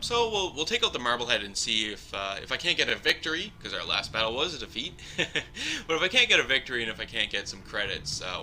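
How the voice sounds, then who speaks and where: A man giving casual, rambling live commentary over his own gameplay, chuckling often and filling pauses with ums. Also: fairly low pitch, sharp tone, a little hiss or hum.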